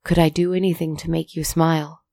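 A desperate, lovesick young prince from a storybook pleads in hushed, earnest tones, as a woman narrator puts him on. The voice is low, gravelly and dark, heard close in a dry space. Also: little pitch movement, fairly quick, no room sound. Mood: pleading.

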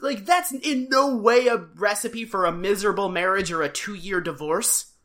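A woman's voice: mid-range voice, normal speed, a bit bright. A woman co-hosting a casual podcast recap, sarcastic, and acting out quotes in exaggerated voices. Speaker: podcast co-host.

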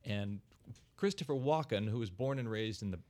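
A man's voice: on the low side, animated, moderate pace, darkish tone. A middle-aged man hosting a casual chat podcast, telling an anecdote and laughing as he talks. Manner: anecdotal storyteller, laughs while talking.

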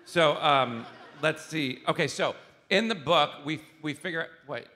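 A man hosting a casual interview, joking with quick quips between questions. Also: on the high side, pushed and bright, big-room sound. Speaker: host.

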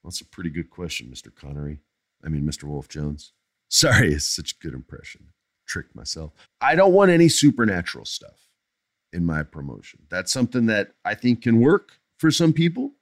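A man's voice: fairly low pitch, wildly swooping pitch, normal speed, no echo, clean studio sound. A middle-aged man hosting a podcast, answering listener questions in blunt, emphatic casual chat that drifts into jokes.

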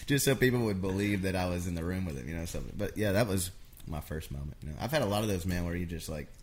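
A songwriter guest with a low-pitched voice talks fast, telling stories in a casual chat. He's animated and acts out what other people said.

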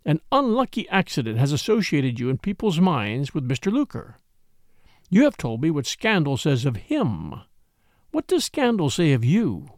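A man voicing a proud, fierce young woman in a storybook reading, sharp and sneering. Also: a little high, wildly swooping pitch, normal speed, no room sound, clean studio sound. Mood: intense. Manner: sharp, sneering, then frantic.

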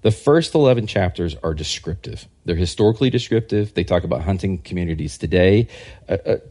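A man with a somewhat low voice talks in a relaxed, unscripted way as a podcast guest. He rambles through long anecdotes, restarting sentences and briefly acting out what other people said. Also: fairly quick. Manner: rambling, animated anecdotes that act out quoted people. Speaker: guest historian and religious scholar. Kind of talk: casual podcast interview storytelling.

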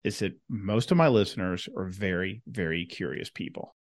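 A man hosting an interview podcast, speaking casually with lots of filler phrases. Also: moderate pace. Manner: casual, lots of "you know", lively swings in pitch. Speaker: podcast host. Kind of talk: conversational interview.

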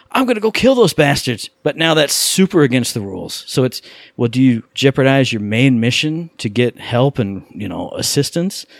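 A young man co-hosting a casual gaming podcast, excitable and swearing freely, on a close mic. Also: medium pitch, no room sound. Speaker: podcast co-host.

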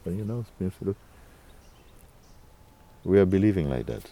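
A man with a low voice leads a spiritual talk for a gathering. His tone is dark and mellow. He speaks slowly and coaxingly, with soft chuckles and frequent checks of "you see?". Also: animated. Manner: unhurried, coaxing, often asks "you see?". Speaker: spiritual teacher.

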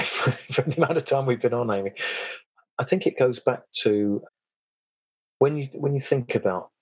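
Male podcast guest, very low breathy voice, rambling conversational delivery. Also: no room sound, lo-fi sound. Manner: rambling, frequent restarts, chuckles. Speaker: podcast guest, self-defense and trauma coach. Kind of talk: casual interview chat.

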